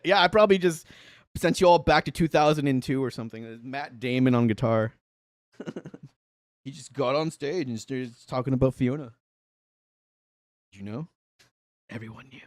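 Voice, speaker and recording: A man's voice: mid-range voice, moderate pace, long pauses, dry recording, studio quality. An American man hosting a livestream of song requests, chatting loosely with viewers, joking, swearing and laughing often. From United States. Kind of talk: casual chat to a live chat audience.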